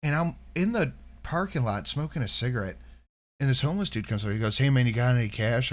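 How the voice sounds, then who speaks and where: A man co-hosting a casual reaction podcast, his pitch swinging up and down as he tells stories. He talks loosely and swears a lot, and he acts out the people in his stories with their own voices. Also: quick pace. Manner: animated, profane, acts out quoted voices. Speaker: podcast co-host reacting to videos. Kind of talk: casual chat, storytelling.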